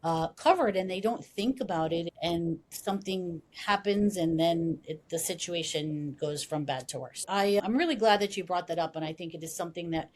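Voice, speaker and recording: A woman's voice: fairly low pitch, moderate pace, hardly any pauses. A woman hosting a podcast interview, affirming her guest and asking follow-up questions. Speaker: podcast host.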